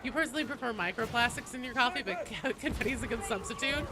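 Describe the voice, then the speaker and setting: A woman streamer with a cold, chatting excitably to her viewers during a live game stream at her desk at home, swearing and exclaiming often. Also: on the high side, fast talker, over music. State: has a cold. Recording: noisy home stream audio.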